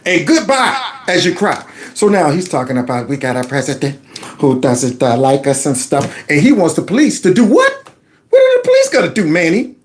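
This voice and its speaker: A man's voice: fairly high pitch, sing-song, normal speed, a little hiss or hum. A man hosting a political commentary livestream, sarcastic and mocking as he talks back to clips he plays. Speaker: host of a political commentary channel.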